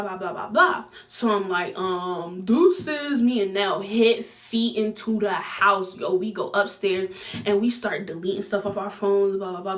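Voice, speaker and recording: Slangy, animated young woman, slightly distant mic. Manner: animated, slangy, acts out quoted lines with big pitch jumps. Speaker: vlogger. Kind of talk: casual storytime.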